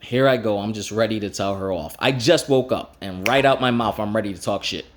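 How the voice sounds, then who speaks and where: A man with a fairly low voice tells a story from his own life in a casual, frank manner and swears now and then. When he quotes someone, his pitch jumps up and he acts the lines out with animation. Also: brisk. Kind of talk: personal storytelling.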